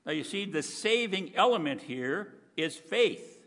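Male preacher, high voice, folksy conversational sermon, reverberant hall. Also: lively intonation, a little slow, a bit bright. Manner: conversational, folksy, clears throat often.

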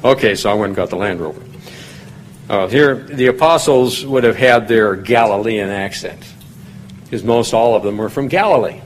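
A man's voice: moderate pace, slight background noise. Folksy man teaching from scripture. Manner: folksy and digressive, rising in pitch and volume when reading scripture aloud. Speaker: pastor teaching a Bible study. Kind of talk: conversational sermon.

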